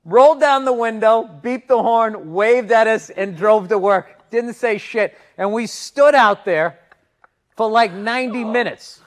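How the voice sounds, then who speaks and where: A man's voice: high voice, measured pace. A man co-hosting a podcast, swearing freely and breaking into laughter as he tells a long family story. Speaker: podcast co-host. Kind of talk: casual chat.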